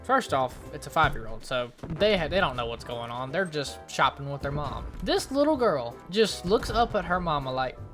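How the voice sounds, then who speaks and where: A young man telling a storytime vlog about his retail job, animated, exasperated and incredulous. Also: fairly high pitch, moderate pace, few pauses. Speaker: store associate telling a work story. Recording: clear music behind the voice.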